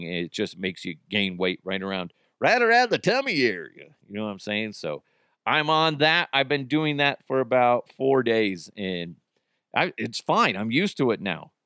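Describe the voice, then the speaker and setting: A man's voice: fairly low pitch, a bit bright, clear, resonant tone, no echo, clean studio sound. Crude joking male podcast host. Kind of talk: casual comedic podcast monologue.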